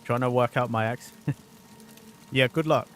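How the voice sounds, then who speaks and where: A man's voice: medium pitch, steady tone, normal speed, a bit bright. A man from London with a mild, mixed British accent, chatting casually and swearing while streaming a game. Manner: chatty, swears often, rambling. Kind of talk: casual gaming commentary.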